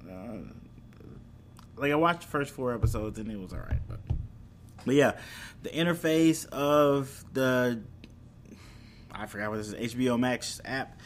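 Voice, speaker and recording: A man's voice: medium pitch, unhurried, pauses often, slight background noise. A man chatting casually about anime and streaming apps, rambling and correcting himself as he goes. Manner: rambling, self-correcting, laughs at own slips. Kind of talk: casual chat.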